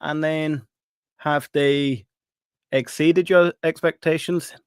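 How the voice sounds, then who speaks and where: A man's voice: fairly high pitch, steady tone, slow pace, clear, resonant tone, no room sound, clean studio sound. A man hosting a casual online audio chat, friendly as he reads out the chat. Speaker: host. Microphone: online audio call.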